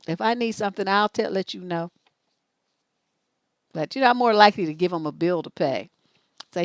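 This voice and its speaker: A woman's voice: mid-range voice, sing-song, a little fast, dry recording. A middle-aged woman hosting a live relationship advice stream, blunt, profane and scolding, acting out both sides of conversations. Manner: acts out both sides of dialogues.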